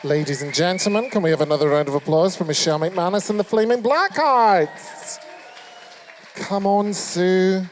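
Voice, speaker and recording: High-voiced Scottish host roasting a crowd. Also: male voice, moderate pace, a little hiss or hum. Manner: foul-mouthed, camp, teasing the audience. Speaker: chat show host. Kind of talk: live stand-up crowd work. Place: live comedy venue.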